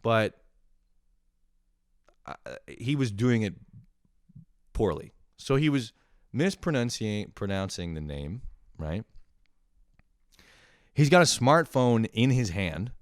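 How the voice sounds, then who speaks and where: A young man doing a profane, sarcastic comic rant, animated and full of swearing. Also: on the low side, takes it slowly, pauses often, clean tone, dry recording, clean studio sound. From lives in Montreal. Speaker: comedian ranting to camera.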